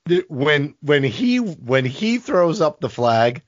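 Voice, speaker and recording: A man's voice: on the high side, sing-song, slow, no room sound, lo-fi sound. A man co-hosting a sports podcast, talking bluntly and with frustration, swearing casually. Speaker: podcast co-host.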